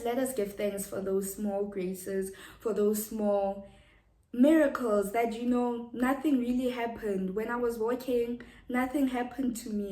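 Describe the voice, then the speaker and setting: A woman's voice: on the high side, a little mellow. Earnest woman, echoey room. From South Africa. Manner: earnest, repeats words, many fillers. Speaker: Christian vlogger. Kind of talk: casual devotional talk.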